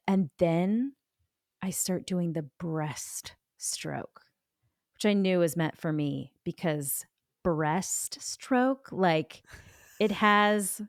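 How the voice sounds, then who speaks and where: Smooth-voiced woman telling a rambling story. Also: on the low side, animated, takes it slowly, no room sound, clean studio sound. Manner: rambling, self-mocking storyteller with many "like"s. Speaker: podcast co-host. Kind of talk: casual chat.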